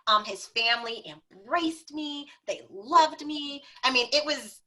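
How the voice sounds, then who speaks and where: Woman guest telling stories, bright voice, kinda high, animated and laughy. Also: unhurried, low-quality recording. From America. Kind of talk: conversational storytelling.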